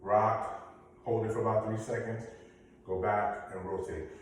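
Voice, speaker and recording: A man's voice: on the low side, little pitch movement, measured pace, a little hiss or hum. Echoey man coaching a workout. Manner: encouraging, coaching cues and countdowns. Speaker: fitness instructor. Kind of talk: workout instruction with counting. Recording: very echoey room, mic far off.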